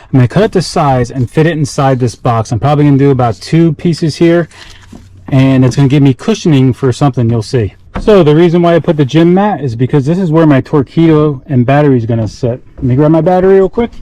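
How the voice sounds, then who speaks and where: Short-of-breath man, casual gear vlogger, mellow and dark in tone, loose and self-correcting. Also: a little high, fast, poor audio. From South Carolina. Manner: rambling, self-correcting, talks while working with his hands. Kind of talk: casual how-to vlog.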